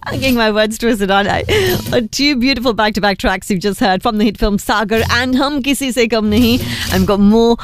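A woman's voice: on the high side, a little fast, soft background music. A woman hosting a breakfast radio show, chatty and laughing easily, mixing Hindi words into her talk. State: voice going a bit. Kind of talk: casual radio presenting. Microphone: studio microphone.

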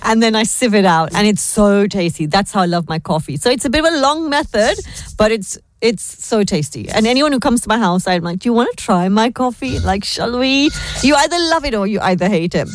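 A woman hosts a morning radio show in a loose, chatty way, slipping Hindi words into her English. Her voice sits at a middle pitch, with faint music under it. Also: expressive, fairly quick, no echo. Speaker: radio presenter. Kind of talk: casual radio chat.

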